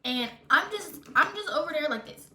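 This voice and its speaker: A woman's voice: sits high, moderate pace, a little hiss or hum. Chatty young woman telling a story. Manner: chatty, animated, full of "like" fillers and self-interruptions; quotes friends in acted-out dialogue. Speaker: storytime vlogger. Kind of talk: casual storytelling to camera.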